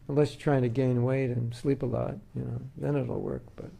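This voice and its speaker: A man's voice: mid-range voice, fairly even intonation, normal speed, creaky, mellow, slightly rough. A man giving a devotional talk to an audience as a spiritual teacher, in a conversational, joking way with homely examples.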